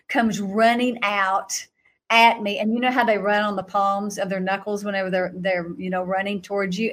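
A middle-aged woman telling a story in an animated way, laughing often and jumping to a high voice when she acts out reactions. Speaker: guest recounting a vision.

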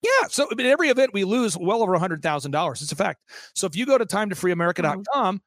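A man with a high voice tells an animated anecdote as an interview guest. He acts out the people he quotes and restarts his sentences often. The sound is dry and close. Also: racing, no room sound. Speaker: interview guest, event organizer. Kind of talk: fast storytelling anecdote.

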